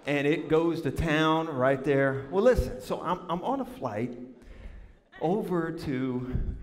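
Animated preacher in a reverberant sanctuary. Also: male voice, medium pitch. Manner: animated, drawling, addresses congregation as y'all. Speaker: pastor. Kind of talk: sermon with humorous storytelling. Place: large church sanctuary. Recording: long hall reverb.

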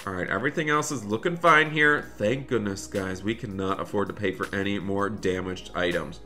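A man's voice: lowish voice, normal speed, bright, forceful tone, soft background music. A man doing chatty Roblox roleplay commentary, talking to viewers and his in-game son, with dramatic bursts of dismay.

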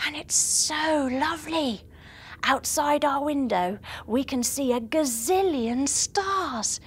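A woman's voice: sits high, slow pace, a little hiss or hum. A young woman leading a storytelling yoga class for children, playful and encouraging, with gasps and sound effects. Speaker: kids yoga teacher.

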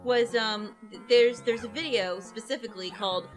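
A woman co-hosting a let's play, chatting casually and excitably about games and voices. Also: fairly high pitch, moderate pace, faint music behind. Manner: giggly, excitable. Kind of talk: casual game commentary.

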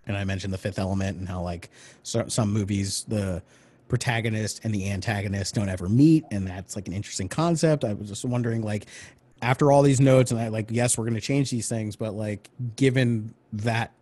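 A man's voice: on the low side, a little fast, a little mellow. A man in casual brainstorming chat about script notes, rambling with lots of fillers and acting out character lines. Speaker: screenwriter discussing script notes.

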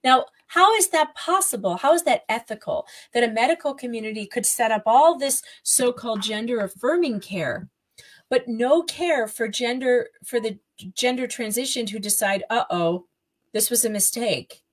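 A woman's voice: on the high side, expressive, normal speed, rough recording. Indignant, emphatic woman podcast guest. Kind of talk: conversational podcast interview.

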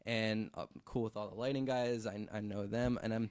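A man's voice: fairly low pitch, normal speed, smooth, no room sound. A man, a visual effects artist, telling a story in a casual podcast chat, full of fillers and swearing. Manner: relaxed, filler-heavy, swears freely.

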